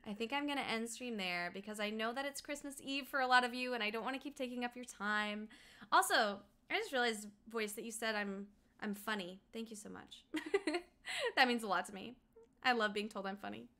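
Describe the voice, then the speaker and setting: Bright, fast-talking young woman streamer. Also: fairly high pitch, lively intonation. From Colorado, USA. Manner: fast-talking, chatty, reads chat aloud, hums along. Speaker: game streamer. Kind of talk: casual livestream chat while gaming.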